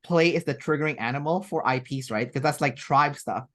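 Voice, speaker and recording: A woman's voice: rumbling low, a little fast, a bit bright. A woman as an interview guest, talking in a rambling, chatty way with many fillers and restarts. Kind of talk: casual interview chat.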